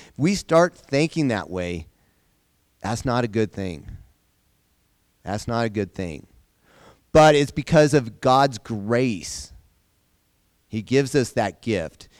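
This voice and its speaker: Man teaching a bible study, unhurried, smooth voice, dry close sound, asks the group questions. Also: medium pitch, lively intonation, no echo. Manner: conversational, asks the class questions, repeats phrases. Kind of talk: informal Bible lesson to a group.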